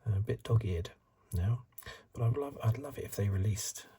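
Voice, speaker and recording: A middle-aged man hosting a soft-spoken ASMR card review, rambling in asides and drifting into whispers, recorded close to the mic. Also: lowish voice, moderate pace, breathy edge. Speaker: ASMR channel host.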